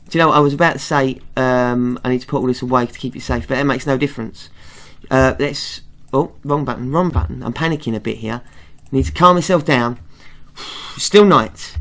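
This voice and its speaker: A middle-aged man commentating his own video game play, talking to himself with excited, panicky exclamations. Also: medium pitch. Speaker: let's play gamer.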